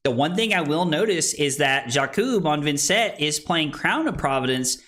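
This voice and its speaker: Lively, bright-voiced male streamer. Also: on the high side. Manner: rowdy, swearing, quick to laugh; casual, filler-heavy play-by-play. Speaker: streamer and tournament commentator. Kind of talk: livestream card game commentary. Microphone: streaming microphone.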